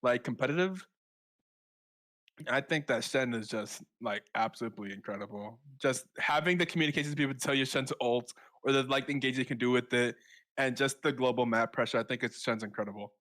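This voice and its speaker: Male shoutcaster, mid-pitched, loose and chatty delivery. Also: quick pace. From southern United States. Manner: rambling and chatty, with frequent fillers and self-corrections. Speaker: esports shoutcaster. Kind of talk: casual live esports commentary.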